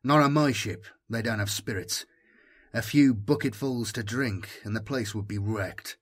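A man voicing a gruff male starship commander in an audiobook, speaking bluntly and dismissively. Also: on the low side, measured pace.

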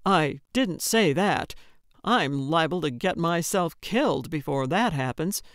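Woman reads grumpy old man, dry grumbler, slow, crisp and dry. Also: low-pitched, lively intonation, dry recording. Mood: grumbling. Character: grumpy older man, gruff and complaining.

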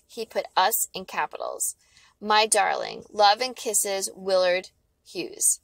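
A woman reading a children's novel aloud, giving the characters lively voices. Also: mid-range voice, slow pace, creaky, no room sound. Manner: expressive, lively dialogue voices. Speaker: audiobook reader. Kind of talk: storybook read-aloud.

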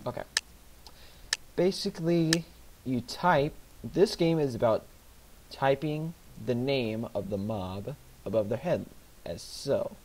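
At a slow pace and medium pitch, this gaming host narrates a let's play from his computer. He mutters and reads in-game words aloud while typing, and the background noise is loud.

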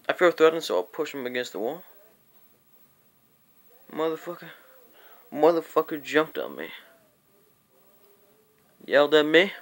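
A young man tells a rambling, profane story to his viewers at an unhurried pace. His pitch swings up and down as he acts out the quotes, sometimes dropping into a whisper. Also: big pitch swings, a bit bright. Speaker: vlogger. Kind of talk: casual storytime vlog.

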